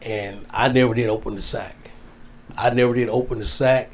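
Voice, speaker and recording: An older man sits as an interview guest and tells a heartfelt story. He rambles and repeats his phrases in a plain, mid-pitched voice. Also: steady tone, moderate pace. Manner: rambling, repeats phrases, Southern-style casual grammar. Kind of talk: emotional storytelling.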